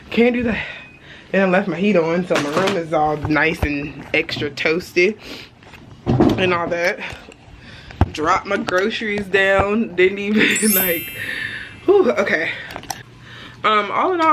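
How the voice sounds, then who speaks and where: A young woman vlogging casually, chatty and often laughing as she tells a story. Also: mid-range voice. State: out of breath at times. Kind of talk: casual vlog chat. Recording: loud street noise behind.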